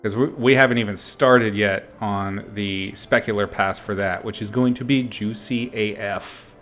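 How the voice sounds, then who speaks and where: A man's voice: on the low side, steady tone, unhurried, fairly bright tone, soft background music. A middle-aged man chatting casually and laughing at himself while he paints on a live stream. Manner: chatty, self-mocking, laughs often. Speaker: artist streaming a painting session.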